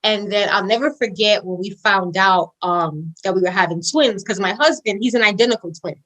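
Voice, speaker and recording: In a storytelling interview, a young woman appears as a podcast guest, casually relating a personal story; she acts out quotes with large vocal jumps and often drops "like" and "girl." Her medium-pitched voice moves at normal speed and is a bit bright. The audio is poor.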